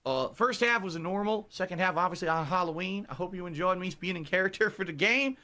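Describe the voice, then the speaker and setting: A man's voice: high-pitched, animated, fast talker, sharp tone. A male streamer doing an old Southern colonel with a put-on Southern accent, drawling and brash while commenting on a game. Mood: rowdy folksy. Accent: put-on American Southern. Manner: drawling, rowdy, brash heckling. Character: folksy old Southern colonel, calls everyone boy.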